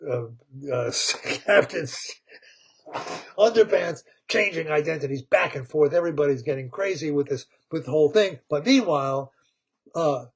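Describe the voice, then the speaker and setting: Brief: husky, unhurried male storyteller, rambling and animated, slightly higher-pitched voice. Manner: rambling, animated, laughs at his own tale. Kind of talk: retelling a cartoon story.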